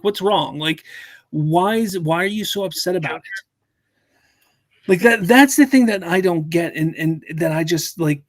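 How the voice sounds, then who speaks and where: A man hosting a casual live stream, his voice pitched a little high. He rambles in an animated way and circles back over his own words. The sound is dry and close. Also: dry recording. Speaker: host.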